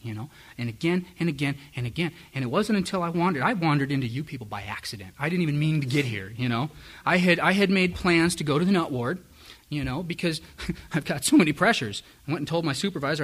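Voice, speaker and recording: A man's voice: a little high, fast, fairly bright tone, slightly rough. A man giving personal testimony at a recovery meeting, candid and self-deprecating, with wry chuckles. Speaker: speaker sharing his story at a recovery meeting.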